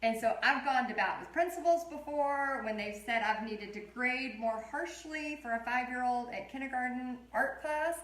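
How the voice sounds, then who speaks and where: With a high-pitched, slightly bright voice, this woman in her thirties keeps a moderate pace and rarely pauses. She's an art teacher telling chatty, meandering stories during a casual live painting tutorial, captured with a roomy echo.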